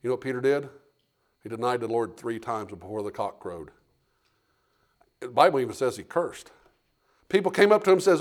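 A man's voice: medium pitch, very animated, moderate pace, pauses often. A man preaching a sermon to a church congregation. He asks rhetorical questions, acts out the dialogue of the story and repeats words as he builds his points. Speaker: pastor. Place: church sanctuary.

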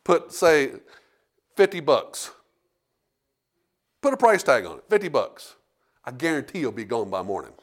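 Middle-aged pastor guy preaching, lively up and down voice, throws in amens. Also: medium pitch, unhurried, long pauses. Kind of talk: sermon with storytelling.

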